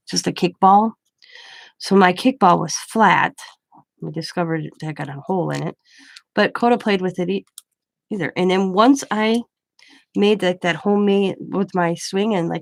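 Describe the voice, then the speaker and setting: A woman's voice: on the low side, creaky, no room sound. An older woman, a grandmother, telling a rambling story in casual chat, with many restarts. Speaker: craft vlogger.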